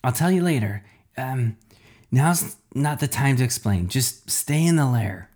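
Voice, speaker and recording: Hushed urgent father on a phone call, whispered, lively pitch, as a man narrator puts him on. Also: measured pace, husky.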